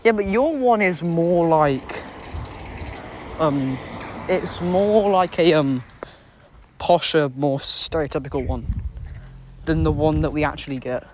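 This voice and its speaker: Here the British streamer goes slowly, leaving long pauses, his voice fairly high, with a little hiss or hum on the recording. He's outside on a street talking into his phone, casually answering viewers, rambling and repeating phrases amid many fillers and restarts.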